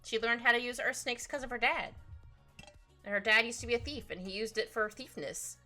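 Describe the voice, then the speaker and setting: A woman streaming her drawing session, chatting casually in a rambling, excitable way with frequent laughter. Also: a little high, brisk. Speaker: art streamer. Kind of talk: casual chat while drawing live. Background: faint background music.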